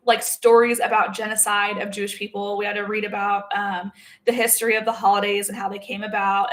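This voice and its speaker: A woman in an emotional, heavily profane personal monologue as a spiritual self-help creator, talking in loose run-on sentences full of "like" and "okay?". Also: mid-range voice. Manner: blunt, heavily profane, emphatic.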